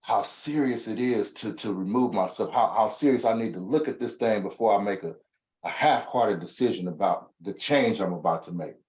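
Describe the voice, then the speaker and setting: A man's voice: on the low side, moderate pace, a little mellow. A man hosting a motivational talk, speaking thoughtfully and casually, often searching for his words. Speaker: host. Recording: roomy echo.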